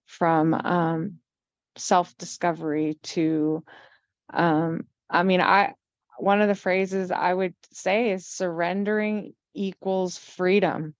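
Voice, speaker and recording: A woman's voice: lowish voice, gravelly, no room sound, lo-fi sound. A woman in her fifties, a podcast guest, speaking earnestly and reflectively in a candid conversation. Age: 50s.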